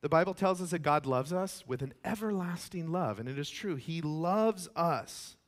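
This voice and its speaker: A man's voice: a little high, animated, moderate pace. Emphatic male pastor preaching. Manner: emphatic preaching, acts out quoted voices, swings between loud and hushed. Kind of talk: sermon.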